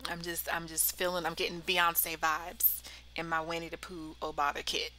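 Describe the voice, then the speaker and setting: A woman's voice: on the low side, little pitch movement, normal speed, bright, forceful tone, rough recording. A woman in her thirties chatting casually through a planner voiceover, a bit cracky-voiced, saying y'all and laughing often. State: slightly cracky voice. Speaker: planner vlogger. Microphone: voiceover mic.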